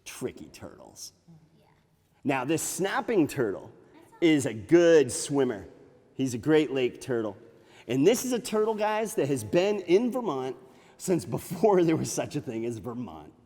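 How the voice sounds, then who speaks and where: A man working as a nature museum storyteller, telling an animated, playful tale to children with sound effects. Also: mid-range voice, measured pace. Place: library room. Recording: echoey hall.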